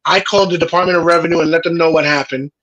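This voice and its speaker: A man in a casual podcast chat, telling a heated, profane story with a husky voice. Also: on the high side, steady tone, rapid-fire, fairly bright tone, dull audio. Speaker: podcast host.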